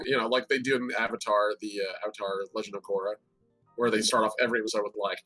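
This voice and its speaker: Casting note: bright, husky-edged man, loose filler-heavy chat about a game world. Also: lowish voice, fast, dry recording, low-quality recording. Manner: rambling, filler-heavy, animated.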